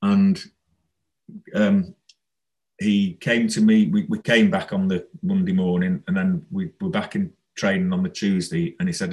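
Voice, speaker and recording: Low-voiced man telling a football story. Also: flat delivery, normal speed, darkish tone, low-quality recording. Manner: rambling, anecdotal, laughs while telling. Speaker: former footballer guest. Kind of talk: casual storytelling interview.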